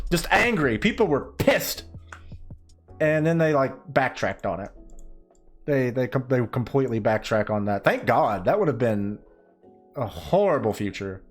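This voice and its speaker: A young man chats casually over a drawing stream, ranting and swearing as he goes. His voice sits at an ordinary middle pitch. Faint background music plays behind him. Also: normal speed. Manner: rambling, profane, animated ranting with put-on quoted voices. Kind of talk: casual chat while drawing.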